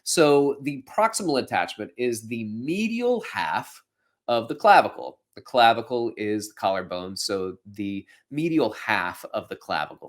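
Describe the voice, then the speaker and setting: A man hosts a fitness podcast and walks through anatomy in an easygoing, conversational way. His pitch swings widely as he talks. He slips playful jokes in between the explanations. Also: fairly bright tone. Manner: playful, jokey asides while explaining. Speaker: podcast host and fitness instructor. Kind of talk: casual educational explanation.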